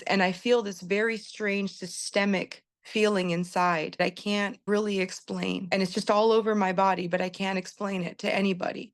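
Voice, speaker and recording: A woman's voice: mid-range voice, steady tone, moderate pace, hardly any pauses. A middle-aged woman telling her own story as a patient in an interview, candid and earnest, retelling conversations with many fillers and restarts.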